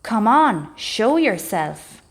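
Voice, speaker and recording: A huge male dragon from a storybook booms out his lines, slow and loud, as a woman reading aloud puts him on. He is a big beast with a commanding voice. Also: very animated, full character voice. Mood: gruff. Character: huge male dragon, gruff then jolly.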